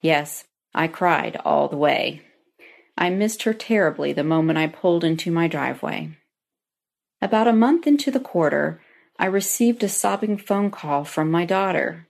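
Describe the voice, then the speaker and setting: A woman's voice: lowish voice, expressive, unhurried, vocal fry, a little mellow. A middle-aged woman reading a personal story aloud in an earnest, heartfelt way, as a lodge member.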